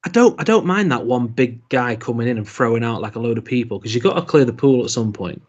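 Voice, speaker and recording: A man's voice: medium pitch, expressive, quick pace, highs cut off. A man co-hosting a podcast, talking casually with friends and laughing often. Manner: chatty, laughs often, swears. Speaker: podcast co-host. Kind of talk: casual chat.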